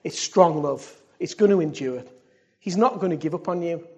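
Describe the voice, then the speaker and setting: A man preaching a sermon to his church. He swings from loud exclamations to hushed asides and keeps asking the congregation questions. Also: a little high, normal speed, highs cut off. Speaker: pastor. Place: church service.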